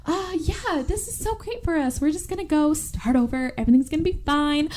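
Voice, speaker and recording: A woman's voice: mid-range voice, fast talker, dark tone, slight background noise, close to an everyday voice. A woman voicing an unhinged young woman, an evil twin, who chatters in an overly upbeat, sugary way while retelling a film. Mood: manic cheerful.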